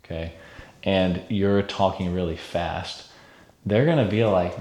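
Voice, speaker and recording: Guy with a lowish voice coaching sales, upbeat, keeps saying okay, roomy echo. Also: measured pace. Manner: energetic, coaching, frequent "okay?" check-ins. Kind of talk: sales training lesson.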